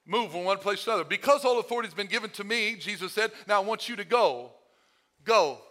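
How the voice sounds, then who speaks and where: A man preaching a sermon, swinging from fervent, near-shouted exhortation to quiet, conversational teaching. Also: high voice, lively intonation, quick pace. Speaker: pastor.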